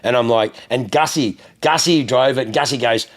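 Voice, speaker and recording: A middle-aged Australian man telling animated, swear-heavy stories as a podcast host, acting out other people's lines. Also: mid-range voice, normal speed. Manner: animated, profane anecdotes with acted-out quotes. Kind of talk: casual chat, storytelling.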